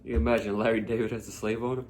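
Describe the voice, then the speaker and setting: A man's voice: lowish voice, flat delivery, racing, darkish tone, a little hiss or hum. A young man co-hosting a podcast, laid-back and agreeable in casual chat. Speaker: podcast co-host.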